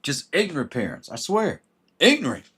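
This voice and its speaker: A man's voice: medium pitch, animated, brisk. A man hosting a livestream and giving blunt, emphatic advice in a casual way. He greets viewers by name as he talks. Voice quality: husky.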